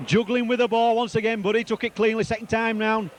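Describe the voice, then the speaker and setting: A man giving live rugby league match commentary, excitable and rambling, repeating player names as the play moves. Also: extremely high pitch, fast, hardly any pauses, slight background noise.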